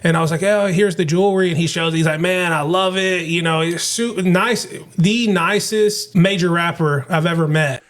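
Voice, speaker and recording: A man with a high voice tells an anecdote in a relaxed, casual way. His talk is loose and full of fillers. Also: moderate pace, hardly any pauses. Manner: loose, with many filler likes. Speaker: storyteller recounting a meeting. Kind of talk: casual chat.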